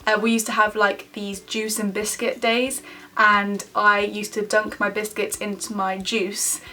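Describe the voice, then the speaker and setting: A young woman with a British accent talks straight to camera in a relaxed, giggly way. She fills her answers with casual fillers and rambling asides, chatting as if to a friend. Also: medium pitch, unhurried. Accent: British English. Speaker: vlogger. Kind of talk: casual chat answering a tag video.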